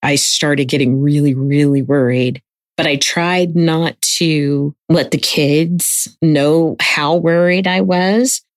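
A woman's voice: low-pitched, fairly even intonation, takes it slowly, dry recording. A woman in an interview, earnestly recalling events as a close family friend. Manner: earnest retelling with quoted dialogue. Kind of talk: recounted personal story.

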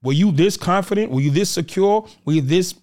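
A man's voice: high-pitched, brisk. A man from the Boston area in casual conversation as a podcast guest, telling stories and acting out what others said. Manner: animated, acts out quotes of others.

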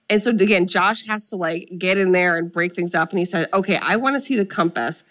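Young woman, casual podcast chat, lively storytelling, acts out quotes. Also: medium pitch, fairly quick, hardly any pauses. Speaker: podcast co-host. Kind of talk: casual chat retelling a film.

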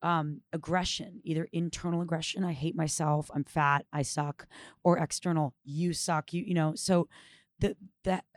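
A middle-aged woman with a lowish voice talks in a relaxed, animated way, telling stories about her workshops. The recording is dry and close, with no room sound. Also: no room sound. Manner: animated, expressive storyteller. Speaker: retreat and workshop leader. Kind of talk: casual conversation.

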